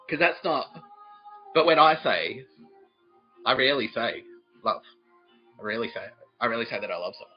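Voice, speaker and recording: A man's voice: medium pitch, dull audio. Rambling, profane man. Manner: profane, rambling, laughs mid-sentence. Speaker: podcast host. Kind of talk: rambling comedic monologue.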